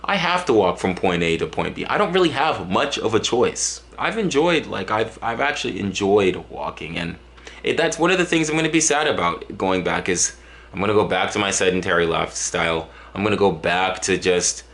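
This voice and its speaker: A man's voice: deep voice, animated, fairly quick, vocal fry, a bit bright. A man from Dallas, Texas, vlogging to camera in a casual, joking monologue full of exaggeration and restarts.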